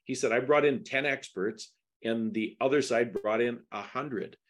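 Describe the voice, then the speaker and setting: A man's voice: mid-range voice, normal speed. Emphatic middle-aged man in interview. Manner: emphatic, rising to indignant questions. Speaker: podcast guest discussing a lawsuit. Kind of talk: casual interview talk.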